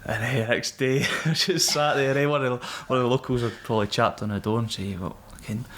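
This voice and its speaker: A man's voice: medium pitch, steady tone, fast talker, a bit bright. A young Scottish man, a former Marine guest on a podcast, telling stories in casual, sweary banter. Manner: swearing, banter-filled storytelling. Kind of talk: casual chat.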